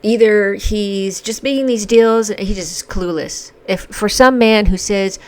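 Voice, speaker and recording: A woman's voice: mid-range voice, unhurried, darkish tone. A woman giving an emotional, indignant opinion monologue as the host of a commentary channel. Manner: impassioned, indignant, emphatic. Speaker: commentary vlogger.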